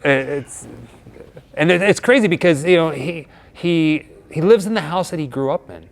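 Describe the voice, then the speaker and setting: A man co-hosting a casual chat, telling a story with lively energy and acting out the lines of the people in it. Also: on the high side, moderate pace. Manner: animated, acts out quoted dialogue. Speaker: co-host of a horror vlog.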